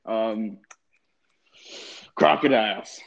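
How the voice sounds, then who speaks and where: A man's voice: lowish voice, drawn-out words, gravelly, a bit bright. A man hosting a casual comedy podcast, hesitant and giggly, leaning on fillers. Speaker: podcast host. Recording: dull lo-fi recording.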